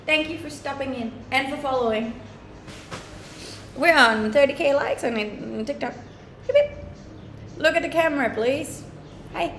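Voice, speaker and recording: A woman's voice: high voice, moderate pace, a bit bright, a little hiss or hum. Chatty Scandinavian-accented young woman streamer. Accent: mixed English accent with a Scandinavian tinge. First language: a Scandinavian language. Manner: chatty and upbeat, laughs often, lots of "like". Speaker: live streamer. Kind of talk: casual live-stream chat answering viewer comments. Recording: roomy echoing sound.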